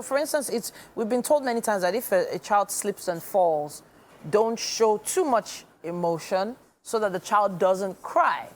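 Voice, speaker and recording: A woman co-hosting a breakfast TV show who listens closely, gives frequent short affirmations and asks questions. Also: medium pitch. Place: TV studio.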